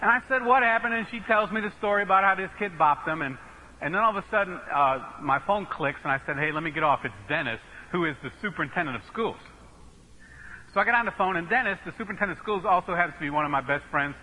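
A middle-aged Baptist preacher from the northeastern United States tells an animated, emphatic story during a sermon, poking fun at himself along the way. His voice is fairly high and fast, and the recording is rough.

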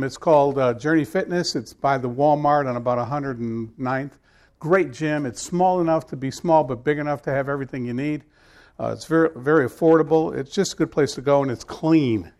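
Storytelling male pastor, fairly high voice. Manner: conversational storytelling, rising to emphatic scripture reading. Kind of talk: sermon.

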